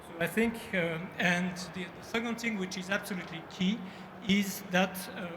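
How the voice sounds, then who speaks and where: A man with a French accent giving a startup pitch on stage in a halting, apologetic way. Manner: halting, apologetic, hesitant delivery. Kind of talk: business pitch presentation. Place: large exhibition hall stage. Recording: echoey hall with background noise.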